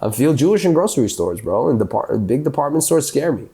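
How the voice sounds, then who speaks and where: A man co-hosting a podcast, telling crude, animated stories in casual comedic chat and swearing freely. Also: medium pitch, fast talker. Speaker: podcast co-host.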